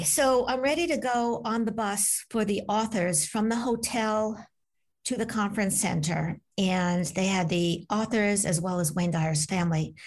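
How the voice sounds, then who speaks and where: A woman, a medium and author, telling a personal story as an interview guest, animated and acting out the voices of the people in it. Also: medium pitch. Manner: animated, acts out voices in her stories. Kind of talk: conversational storytelling.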